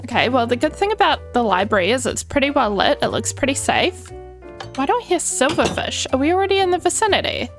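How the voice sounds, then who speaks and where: Bubbly high-voiced woman gaming. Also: very animated, a little fast. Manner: bubbly, chatty, coos at in-game animals. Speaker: Minecraft YouTuber. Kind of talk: casual gameplay commentary. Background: faint background music.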